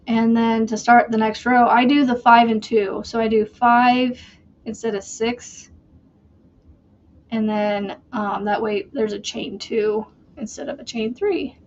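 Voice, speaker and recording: A woman's voice: fairly high pitch, fairly even intonation, lo-fi sound. A woman hosting a crochet channel, chatting casually and rambling while she works. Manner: slow, rambling, chatty with fillers.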